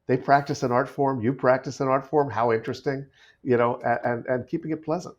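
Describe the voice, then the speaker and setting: An American actor appears as a guest in a casual podcast conversation, telling stories animatedly with frequent restarts. His mid-range voice moves a little fast, and the remote audio sounds dull and lo-fi.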